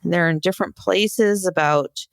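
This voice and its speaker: A woman's voice: fairly low pitch, normal speed, gravelly, dry recording. A woman co-hosting a podcast in casual chat, exasperated and sarcastic. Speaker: podcast co-host.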